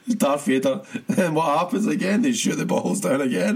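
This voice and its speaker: A man's voice: fairly high pitch, a little fast, gravelly, husky. A man chatting casually about football as a podcast co-host, rambling with many restarts and laughs.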